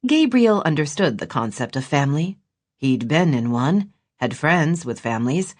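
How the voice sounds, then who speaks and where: A woman narrating an audiobook in expressive, scripted storytelling. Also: sits low, moderate pace.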